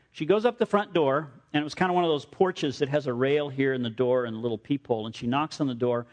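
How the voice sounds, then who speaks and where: Animated male preacher. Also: mid-range voice, a little fast. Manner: animated storytelling, repeats himself. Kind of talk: sermon.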